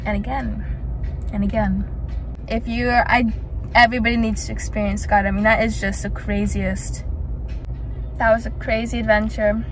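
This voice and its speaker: Hoarse excited young woman vlogger. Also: on the high side. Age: 20s. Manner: excitable, laughing often, restarting thoughts. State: hoarse from screaming. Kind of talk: casual vlog chat.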